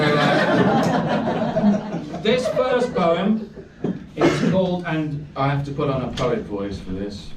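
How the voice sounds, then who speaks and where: A man in his thirties doing a rambling, self-deprecating stand-up set with lots of asides. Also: medium pitch. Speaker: stand-up comedian. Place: comedy night in a bar, live audience laughing. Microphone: handheld stage mic, recorded from a distance. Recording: roomy, distant, noisy bar recording.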